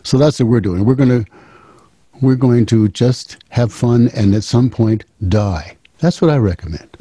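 A man's voice: mid-range voice, a little slow, mellow, slightly rough, no room sound. A man in his seventies telling a family story in a casual, wry, rambling way. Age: 70s. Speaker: musician and storyteller.

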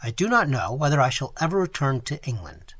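A man voicing a stern, authoritative doctor who speaks loudly and commandingly. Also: medium pitch, big pitch swings, fairly quick, breathy edge. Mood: grave. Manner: loud, commanding, clipped. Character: stern authoritative male doctor, middle-aged.

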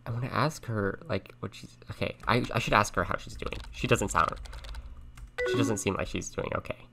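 A young man playing a chat game on stream, thinking aloud and softly reading the messages on screen. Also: on the low side, normal speed, gravelly, background noise. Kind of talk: casual let's-play commentary. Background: game music and keyboard typing.

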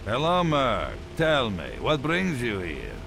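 A man voicing a gruff, businesslike trader character in a shooter game. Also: medium pitch, huge pitch swings, slow, fairly bright tone, a little hiss or hum, exaggerated voice.

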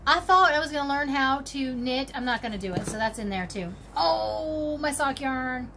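Bubbly high-voiced woman showing off yarn. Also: expressive, moderate pace, background noise. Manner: chatty, bubbly, talks to viewers while rummaging. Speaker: crochet channel host. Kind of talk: casual show-and-tell vlog.

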